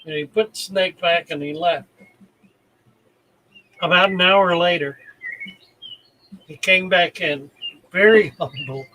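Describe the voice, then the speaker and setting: Slow, bright-voiced older man telling stories. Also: high voice, slight background noise, low-quality recording. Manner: deliberate, emphatic retelling with heartfelt pauses. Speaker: channel host. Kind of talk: storytelling anecdote.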